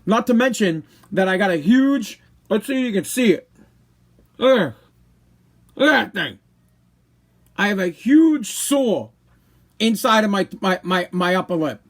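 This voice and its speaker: A man talks straight to his live-stream audience in a fairly high voice. He rambles, restarts and repeats himself as he vents his frustration in a casual, unscripted way. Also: expressive, unhurried, pauses often. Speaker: podcast host.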